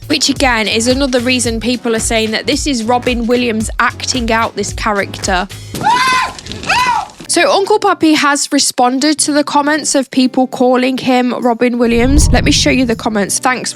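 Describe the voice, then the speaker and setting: A chatty woman with a slightly high voice walks through clips as a commentary host. Her talk is conversational and explanatory, with faint music underneath. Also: moderate pace. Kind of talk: casual commentary on social clips.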